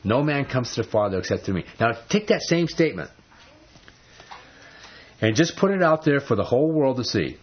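Man, Bible teacher, emphatic, rhetorical questions, husky voice, muffled lo-fi sound. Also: mid-range voice, big pitch swings, normal speed, pauses often. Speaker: preacher.

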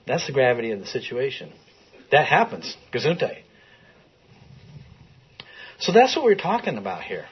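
A man's voice: mid-range voice, huge pitch swings, normal speed, pauses often, dull audio, a little hiss or hum. A man teaching a Bible class in a classroom, talking conversationally and putting questions to the group. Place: classroom with a screen.

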